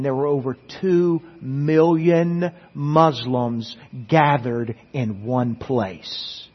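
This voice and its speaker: A man's voice: fairly high pitch, breathy edge. A male pastor giving an earnest sermon, often repeating words as he goes. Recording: echoey church hall, dull lo-fi sound.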